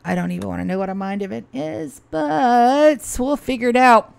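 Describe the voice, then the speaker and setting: A woman's voice: fairly high pitch, normal speed, creaky, a little mellow, clear, resonant tone. A woman giving live gameplay commentary on a stream, chatty and playful, rambling with fillers as she goes. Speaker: game streamer.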